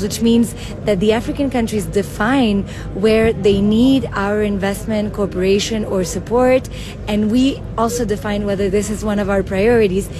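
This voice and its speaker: A woman government minister explaining her country's partnership policy in a measured way during a news interview, listing points. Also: fairly high pitch, background noise.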